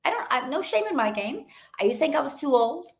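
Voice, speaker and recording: An upbeat woman with a hoarse voice, chatting with viewers in a motivational coaching live stream from her home. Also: sits high, fast, reverberant. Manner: energetic, motivational, chatty with frequent laughs. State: hoarse voice from a long event. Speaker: online business coach.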